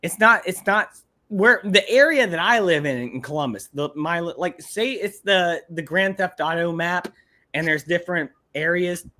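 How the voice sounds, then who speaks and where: A man from Ohio co-hosting a casual livestream, ranting with crude language and lively swings in pitch. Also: moderate pace. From Ohio, USA. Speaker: podcast co-host.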